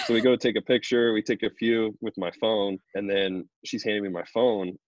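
A man, a pro baseball pitcher, chatting casually in an interview and telling stories loosely with lots of fillers. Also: brisk, few pauses, no room sound, dull audio. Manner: relaxed, rambling storyteller with many fillers.

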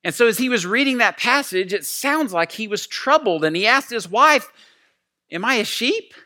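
A man's voice: high-pitched, expressive, moderate pace, sharp tone. A man preaching a sermon in an earnest, heartfelt storytelling way. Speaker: pastor.

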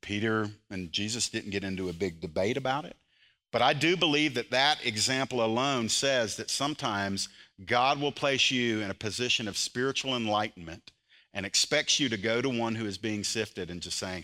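A man preaching a sermon as pastor, moving between loud, impassioned emphasis and quiet, earnest intensity. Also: lowish voice, moderate pace.

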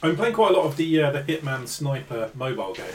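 A man's voice: medium pitch, big pitch swings, quick pace, a little mellow, roomy sound, far from the mic, slight background noise. Dry-witted man, a bit off-mic. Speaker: podcast co-host. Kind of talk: casual gaming podcast chat.

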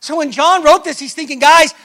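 A man delivers a sermon in a strikingly high voice. He builds to loud, emphatic lines, then lets phrases sink to a near whisper, and he voices the doubts of people in pain. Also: moderate pace. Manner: preaching with rising emphasis and quiet drops, acting out voices of the hurting. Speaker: pastor.

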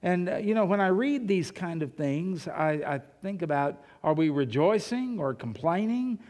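High-voiced man preaching in a reverberant hall. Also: animated, moderate pace, a little mellow. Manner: conversational, with rhetorical questions and humorous anecdotes. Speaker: pastor. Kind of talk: sermon. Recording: long reverb of a large hall.

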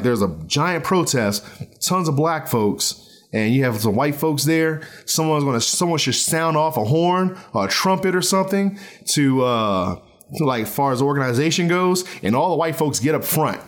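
A man's voice: fairly high pitch, expressive, moderate pace. A man hosting a casual solo podcast from his bedroom, talking in a loose, rambling way with many fillers and restarts. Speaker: podcast host. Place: bedroom at home.

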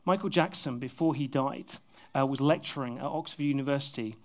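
A male pastor preaching an earnest sermon to his congregation, often dropping to soft, intimate tones, with a touch of self-deprecating humor. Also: medium pitch, brisk. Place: church service with a congregation.

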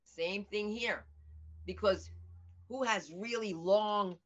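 Her medium-pitched voice is slow and a bit bright as this older woman comedian chats in a casual interview as a guest. She brings her stories to life by acting out others' voices, though the recording is dull lo-fi.

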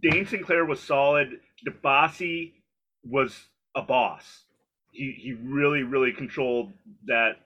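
A man's voice: mid-range voice, slow pace, pushed and bright. A man co-hosting a casual sports podcast, bantering playfully about puns and the match. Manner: playful, pun-loving banter. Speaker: podcast co-host.

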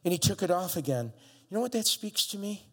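A man preaching a sermon, acting out biblical voices and building up to shouts with playful asides. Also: high voice, sing-song, fast talker, husky. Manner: acts out voices of biblical figures. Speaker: pastor. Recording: long hall reverb.

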